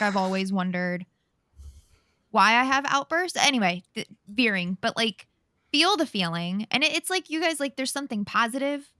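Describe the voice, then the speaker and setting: A woman's voice: medium pitch, sharp tone, no echo, studio quality. A young adult woman co-hosting a casual podcast, rambling and self-deprecating. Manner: rambling, self-deprecating, laughs while talking.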